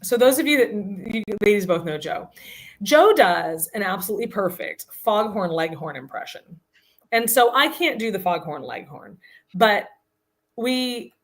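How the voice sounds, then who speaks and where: A woman guest on a podcast, telling a comic story in animated, casual chat. Her voice is mid-pitched, and she moves it around a great deal as she talks. She laughs often and tosses in quick asides.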